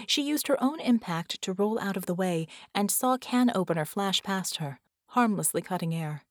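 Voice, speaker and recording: A woman reading an audiobook in a measured, expressive narration. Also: mid-range voice, dry recording, studio quality. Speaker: audiobook reader. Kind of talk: scripted narration.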